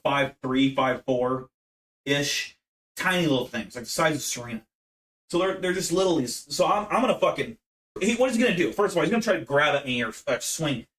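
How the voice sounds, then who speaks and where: A man's voice: fairly high pitch, a bit bright. Casting: young American man, brash profane streamer, rambling brag. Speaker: livestream host. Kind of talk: casual livestream chat.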